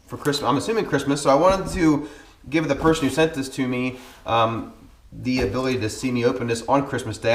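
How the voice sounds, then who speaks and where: A man in his thirties talks straight to the camera in a casual, earnest vlog. His voice sits at an ordinary middle pitch, and he fills his talk with ums. The room around him rings with echo. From Pennsylvania, USA. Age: 30s. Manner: earnest and chatty, many ums. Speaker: car vlogger.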